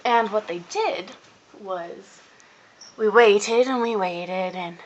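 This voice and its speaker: A teenage girl vlogs a long, casual, rambling story about her day, acting out what people said in animated voices. She talks slowly at a medium pitch from a cold room indoors at home. The recording is muffled.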